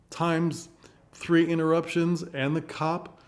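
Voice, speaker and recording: A man giving a casual spoken review of a stage play, rambling and thinking aloud with animated asides. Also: on the high side, moderate pace. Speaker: theater reviewer.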